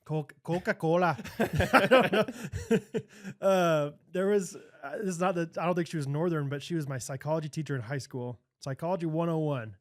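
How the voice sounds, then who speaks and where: A man's voice: a little high, normal speed. A man with a Midwestern American accent co-hosting a podcast, chatting casually with lots of fillers and laughter. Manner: laughs often, rambling with many fillers. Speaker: podcast co-host. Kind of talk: casual chat.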